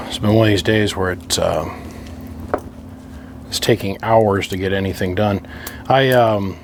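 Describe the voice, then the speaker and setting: A lower-pitched middle-aged man rambles through a long story while fiddling with a stubborn repair. He grumbles and jokes dryly to himself. A faint hiss sits under the recording. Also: a little slow, pauses often. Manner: wry, grumbling, talks to himself over a stubborn task. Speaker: radio hobbyist working on an amplifier. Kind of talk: casual rambling monologue while working.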